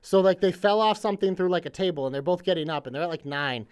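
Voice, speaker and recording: A young man chatting casually as a podcast co-host. His voice sits a bit high, and he rambles loosely through his thoughts with plenty of "literally" and "like.". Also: fast talker, darkish tone, clean tone. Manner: chatty, says "literally" and "like" a lot. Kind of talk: casual chat.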